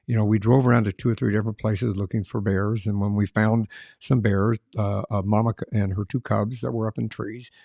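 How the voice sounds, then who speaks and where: A man's voice: fairly low pitch, level tone, a little fast, gravelly, warm tone, no room sound, studio quality. A man hosting a podcast, telling easygoing, rambling anecdotes in conversation. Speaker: podcast host. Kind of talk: conversational interview.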